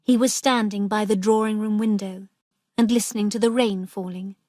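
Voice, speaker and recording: A woman narrating a graded story for English learners in a slow, careful way. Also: mid-range voice, steady tone, a little mellow, no echo, studio quality.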